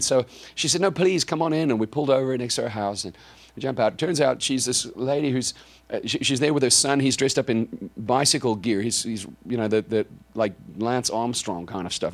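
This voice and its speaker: A South African preacher with a mid-range voice tells a story during his sermon. He is animated and anecdotal, often repeating words as he goes.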